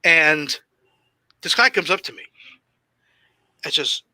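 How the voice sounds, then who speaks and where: Speaking slowly with lively intonation, this man's voice is on the high side, bright and forceful, with no room sound. He's a pro wrestler guesting on a casual interview, swearing heavily through meandering stories and describing himself as shy and socially awkward.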